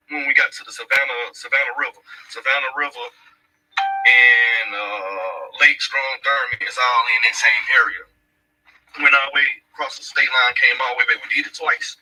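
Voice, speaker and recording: A man's voice: mid-range voice, bright, forceful tone, slightly rough, recorded from a distance, low-quality recording. A man casually retelling events to camera in a blunt, profane, emphatic way. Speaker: father of a missing woman's child.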